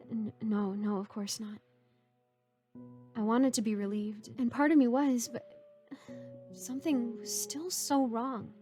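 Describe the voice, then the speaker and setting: A woman narrating a horror story in a hushed, shaken first-person telling. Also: medium pitch.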